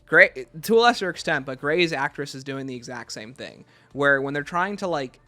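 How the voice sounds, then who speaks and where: A man reviewing a video game without a script, talking casually and often restarting his sentences. His voice is slightly high and very bright and sharp. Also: animated, moderate pace, faint music behind. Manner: casual, rambling, frequent restarts.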